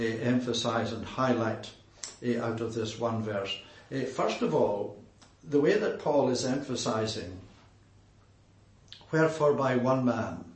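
A man preaching an expository sermon in a deliberate way, pausing often with filler sounds. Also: medium pitch. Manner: deliberate, with frequent "uh" pauses. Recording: roomy echo.

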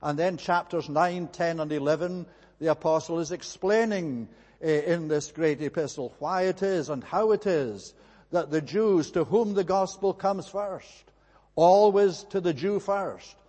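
Preacher in a reverberant church hall. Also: male voice, fairly high pitch, dark tone. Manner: measured, deliberate, frequent "eh" fillers. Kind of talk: expository sermon.

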